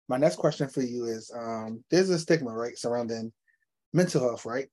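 A male host with a warm, mellow voice poses long, loosely built questions, leaning on "you know" as he goes. His pitch is medium, and he talks in a relaxed, conversational way. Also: normal speed. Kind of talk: conversational interview.

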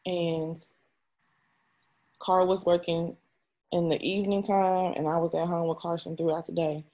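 A woman's voice: lowish voice, level tone, unhurried, dark tone. A young adult woman, an interview guest, telling a personal story in a raw, emotional and frank way, often swearing.

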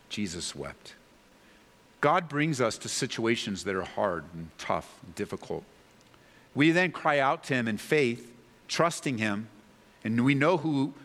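A man's voice: mid-range voice, a bit bright, in a large hall. A man preaching a sermon as a pastor, earnest and pleading, building to impassioned peaks.

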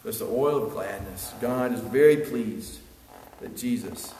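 A man preaching a sermon earnestly, building to emphatic peaks and then dropping quiet. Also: mid-range voice, measured pace, a little hiss or hum. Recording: echoey hall with long reverb, faint ambience.

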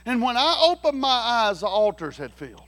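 A pastor, telling a folksy story in a sermon and swinging between hushed lines and shouted ones. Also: male voice, very high voice, very animated, normal speed, a little hiss or hum.

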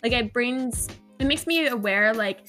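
A woman's voice: a little high, unhurried, a bit bright, faint music behind. A young woman in casual chat with a longtime friend, speaking sincerely and reflectively, filling her talk with "like" and swearing now and then.

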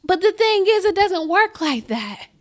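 A woman preaching a sermon, reading scripture deliberately and building her points to loud, emphatic declarations. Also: very high-pitched, sing-song. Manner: reads scripture slowly and deliberately.

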